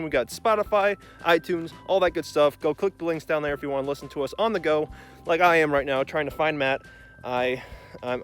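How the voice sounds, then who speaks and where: Young male podcast host, winded and fretful, slightly high voice, mock-worried rambling. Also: a bit bright. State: out of breath. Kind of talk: comedic podcast intro.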